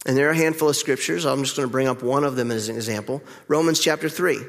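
Pastor preaching in a reverberant hall. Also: male voice, medium pitch. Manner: candid, reflective preaching with pauses. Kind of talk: sermon. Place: church sanctuary. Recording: long reverb of a church hall.

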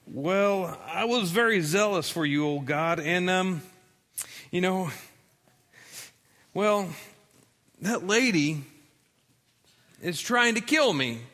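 A man's voice: high-pitched, expressive, slow, long pauses, fairly bright tone, in a large hall, voice pushed up, heavily acted. A preacher voicing a frightened male prophet who pleads with God in a whiny, panicky way. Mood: scared.

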